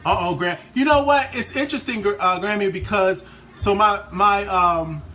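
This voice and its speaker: High-voiced chatty man cooking on a live stream. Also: moderate pace, noisy background. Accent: Eastern Shore Maryland. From Eastern Shore of Maryland, USA. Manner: chatty, greets and thanks viewers by name while cooking. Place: home kitchen.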